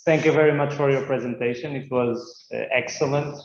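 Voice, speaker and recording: A man moderating a webinar, halting and repeating words as he opens the Q and A. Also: mid-range voice, fairly even intonation. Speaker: session moderator. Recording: roomy hall, dull sound.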